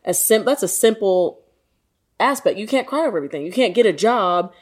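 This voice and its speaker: A woman's voice: medium pitch, expressive, fairly quick. A woman talking frankly and laughing easily in a casual chat among friends.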